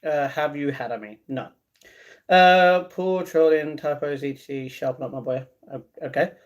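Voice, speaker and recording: A man's voice: on the high side, normal speed. A man in his twenties casually chatting on a live stream, reading viewers' comments aloud and restarting his sentences often. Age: 20s. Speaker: livestreaming vlogger.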